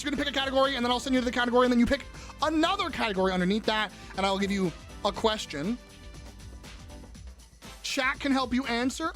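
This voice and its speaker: A woman hosting a live-stream trivia game, excitable and profane, often breaking into shouts and squeals. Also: a little high.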